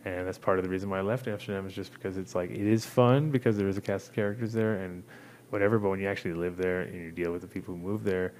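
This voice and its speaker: A man's voice: low-pitched, fairly even intonation, fast, darkish tone. A man hosting a show, telling a long casual story full of swearing and acted-out quotes. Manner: rambling, profane, acts out voices in quotes. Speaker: host.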